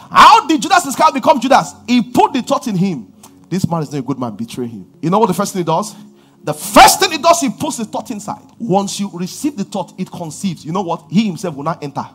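A man preaching a sermon, swinging from shouted lines to low murmurs as he reads and explains scripture. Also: big pitch swings, a little fast, slightly rough, soft background music.

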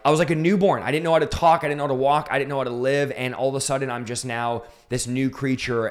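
A man in his thirties telling his conversion story in an interview, fervent and emphatic, building to intense peaks. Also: mid-range voice. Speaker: preacher telling his testimony.

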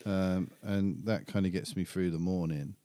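A man co-hosting a podcast, talking casually in a relaxed, hesitant way with fillers. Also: deep voice, normal speed, no echo. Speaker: podcast co-host. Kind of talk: casual chat.

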